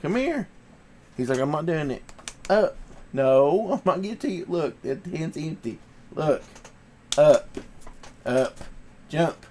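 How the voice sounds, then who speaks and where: A man's voice: a little high, expressive, slow, long pauses, a little mellow, a little hiss or hum. Laid-back male streamer with the sniffles, chatty and coaxing. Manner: easygoing, chatty, coaxing his dog. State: sniffly from allergies. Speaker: livestream host. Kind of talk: casual livestream chat.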